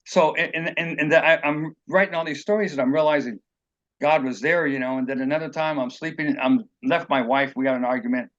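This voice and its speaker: A man's voice: a little high, steady tone, brisk, fairly bright tone, dull audio. A man being interviewed as an author, telling personal stories in a rambling, earnest way and acting out what people said. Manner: rambling, earnest, acts out quotes.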